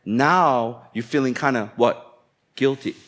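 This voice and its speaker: This sermon comes from a man whose mid-range voice is slow and fairly bright. He preaches conversationally and playfully, performing the inner voices of the people he describes.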